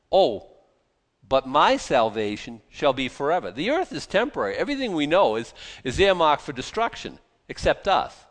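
Man, preacher, conversational Bible sermon, animated asides, stumbles and restarts, long hall reverb. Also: on the high side.

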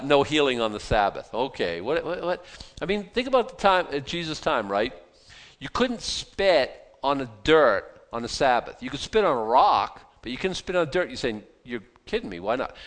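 A man preaching in a casual Bible-teaching style. He is animated and joking, throwing out rhetorical questions and wry asides. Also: medium pitch.

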